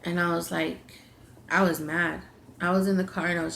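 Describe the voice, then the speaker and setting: A woman's voice: lowish voice, level tone, normal speed, gravelly, a bit bright, slight background noise. A young adult woman vlogger telling a personal story in a confiding, emotional way.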